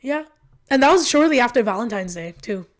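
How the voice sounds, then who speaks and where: A young woman, a podcast guest, telling a personal story with lots of fillers and quoted back-and-forth, emotional and animated. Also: on the high side, a little fast. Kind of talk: candid storytelling.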